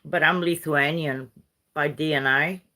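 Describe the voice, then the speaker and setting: Older Uruguayan woman, Spanish-accented English, slow and chatty, rambling vlog rant with Aussie slang. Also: deep voice, fairly even intonation, pushed and bright. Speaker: vlogger.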